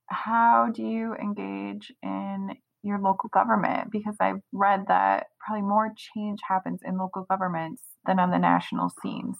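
A woman's voice: mid-range voice, gravelly. A woman from Minnesota with a Minnesota accent, eagerly leaving a voice message as a caller. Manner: earnest, eager. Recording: tinny phone line.

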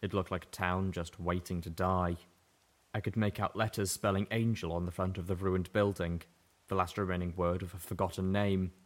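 Male audiobook narrator, low-pitched, steady first-person delivery. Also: moderate pace.

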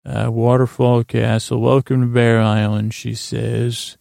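A man's voice: medium pitch, little pitch movement, measured pace, vocal fry, darkish tone, no echo, studio quality. A man casually recapping a TV episode in a meandering way, full of fillers and restarts. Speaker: podcast host recapping a TV episode.

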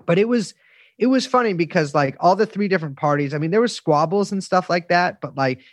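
A man's voice: high-pitched, lively intonation, a little fast, no room sound. Guy rambling through a story, lots of likes and restarts, swears a lot, dry close sound. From United States. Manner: rambling, many restarts and fillers, profane. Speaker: guest. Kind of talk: casual storytelling interview.

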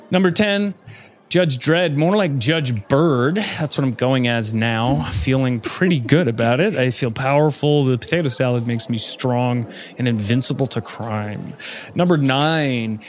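A man's voice: medium pitch, measured pace. A man hosting a comedy podcast, reading a silly countdown in a mock-serious tone. His voice sits in an ordinary middle range.

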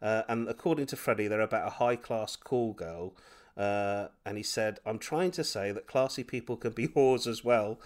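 A man co-hosting a casual music podcast, enthusiastic and quick to laugh, piling on superlatives as he talks through songs. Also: lowish voice. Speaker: podcast co-host.

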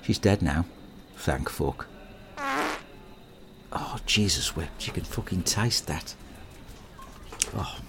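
A man delivers a crude, deadpan and rambling comic monologue. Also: low voice, slow, long pauses.

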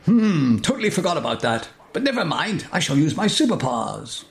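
A man's voice: on the high side, big pitch swings, a little fast, vocal fry. Grave old bearded wizard hmm-ing and being pompous, comedy story, a man doing the voice.

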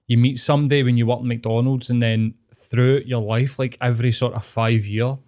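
A man's voice: medium pitch, steady tone, fairly quick, mellow. A Scottish man in his thirties co-hosting a podcast, chatting in an easygoing, sweary way. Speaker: podcast co-host. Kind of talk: casual chat.

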